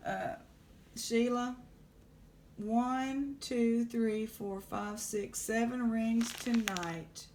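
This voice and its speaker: A woman, casually chatting in a jewelry vlog, excited and exclaiming in shock. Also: mid-range voice, slight background noise. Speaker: jewelry unboxing vlogger.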